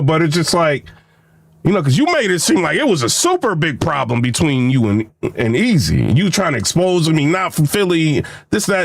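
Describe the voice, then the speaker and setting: Animated man reacting with jokes. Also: a little high, no echo. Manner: animated, joking, repeats and restarts. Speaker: commentary host. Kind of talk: reaction commentary.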